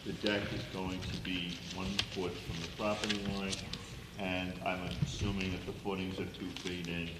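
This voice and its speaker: Deep-voiced man chairing a board hearing. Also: flat delivery. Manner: friendly, methodical questioning with pauses. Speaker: zoning board commissioner. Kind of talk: public hearing questioning. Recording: echoey room, loud noise.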